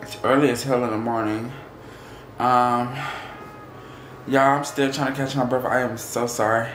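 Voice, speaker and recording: A young man in his twenties, hoarse from losing his voice, chatting excitedly to viewers in a casual vlog. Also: mid-range voice, normal speed, roomy sound, slight background noise. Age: 20s. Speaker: vlogger.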